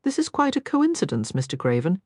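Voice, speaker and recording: Brief: woman playing a polite, curious young lady writer, lively lilting voice, dry sound. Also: lowish voice, fairly quick, dry recording, pitched above the performer's own voice. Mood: eager. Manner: polite, eager.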